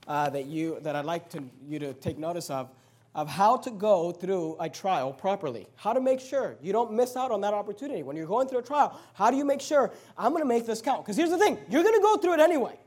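A man preaching a sermon, emphatic, voicing complaining listeners and dropping his voice low to read scripture. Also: lively intonation, a little fast, a little mellow.

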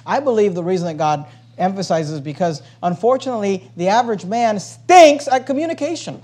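A male pastor preaching a sermon, emphatic, swinging between loud and hushed and repeating phrases to drive his point home. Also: high-pitched, expressive, brisk.

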